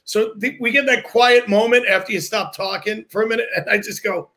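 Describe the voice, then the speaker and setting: Male comic in casual talk, high and bright, lively storyteller who acts out dialogue. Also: normal speed, hardly any pauses. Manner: animated storyteller, swears, acts out quotes. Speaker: comedian guest.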